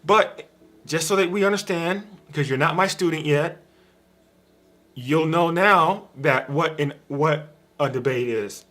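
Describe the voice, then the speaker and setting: Slow-talking man teaching on a stream. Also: on the high side, a bit bright. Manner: repetitive, emphatic, talks straight to viewers. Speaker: spiritual teacher hosting a live stream. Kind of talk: informal spiritual teaching on a live stream. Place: home room with a dog bed in the corner.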